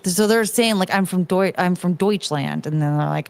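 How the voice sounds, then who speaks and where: A woman's voice: fairly low pitch, normal speed, no echo. A young woman hosting a casual commentary stream, rambling and swearing, slipping into mocking voices when she quotes people. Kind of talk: casual rambling livestream chat.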